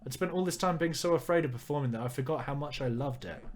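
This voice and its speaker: A man's voice: a little high, quick pace, a little hiss or hum. A man reading a visual novel aloud and commenting on it with dry jokes. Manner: wry, joking asides. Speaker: let's player.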